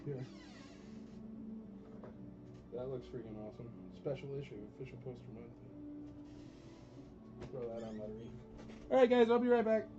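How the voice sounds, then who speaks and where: A man's voice: medium pitch, expressive, moderate pace, pauses often, dull audio, music in the background. A man hosting a live toy auction stream, blunt and joking, ranting between lots. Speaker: auction host.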